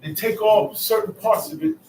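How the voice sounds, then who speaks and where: This man's voice sits high with a darkish tone, moving at a moderate pace, and the recording has a little hiss or hum. He teaches a Bible study class, unpacking scripture colloquially and checking understanding with "okay?", from a far-off mic in an echoey room.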